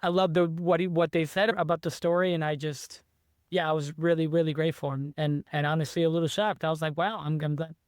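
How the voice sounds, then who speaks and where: High smooth-voiced guy, author in a chill interview, rambling and restarting a lot, dry sound. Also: little pitch movement, fast talker, dry recording. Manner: eager, rambling, many restarts. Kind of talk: casual interview chat.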